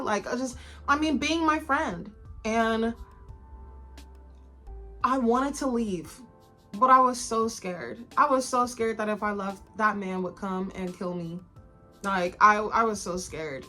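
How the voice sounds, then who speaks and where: A woman's voice: medium pitch, fairly even intonation, unhurried, pushed and bright, faint music behind. A woman in her twenties telling a personal story in a candid, casual vlog style. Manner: candid, conversational, lots of fillers and swearing. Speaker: vlogger.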